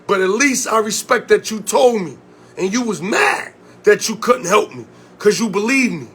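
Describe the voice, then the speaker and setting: A man from Connecticut with a notably high voice delivers a confrontational vlog rant. He swears freely and fires off repeated questions. He sounds like a community organizer calling people out. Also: big pitch swings, normal speed, a bit bright, husky. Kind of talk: heated direct-to-camera rant.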